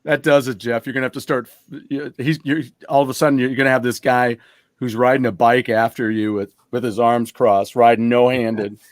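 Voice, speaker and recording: A man's voice: medium pitch, little pitch movement. A man bantering on a live chat show over a video call, teasing the others and riffing on their stories. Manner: teasing and joking, quick to riff. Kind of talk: casual banter.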